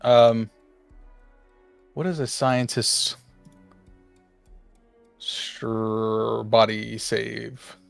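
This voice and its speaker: Young male game master, casual, mid-pitched narration. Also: extremely slow, creaky, long pauses, clear, resonant tone, no echo, soft background music. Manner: relaxed, swears casually.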